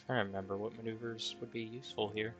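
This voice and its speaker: A man's voice: fairly low pitch, flat delivery, fast, fairly bright tone, soft background music. A man running a tabletop game as dungeon master, thinking aloud over the rules with fillers.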